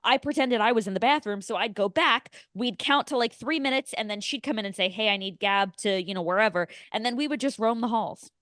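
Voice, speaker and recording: A woman co-hosting a movie podcast, telling stories in a lively way and acting out other people's voices. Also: a little high, a little fast, few pauses, no echo, studio quality. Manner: animated storyteller, acts out quoted voices. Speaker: podcast co-host. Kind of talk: casual storytelling chat.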